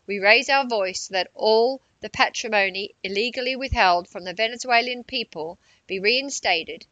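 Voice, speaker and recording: A woman reading a political news report in a measured narration, with quotes read aloud. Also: mid-range voice, pushed and bright, no room sound, rough recording.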